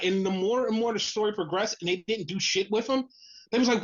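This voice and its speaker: Through dull audio, a podcast co-host talks a little fast in a profane, fed-up rant, animatedly mimicking others by dropping to a lower voice.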